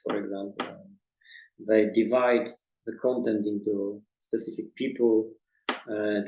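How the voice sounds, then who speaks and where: A man's voice: lowish voice, gravelly, mellow. A man answering audience questions in a webinar, thoughtful and restarting his words, recorded in a roomy space with dull sound. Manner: thoughtful, repeats words at starts. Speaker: presentation designer.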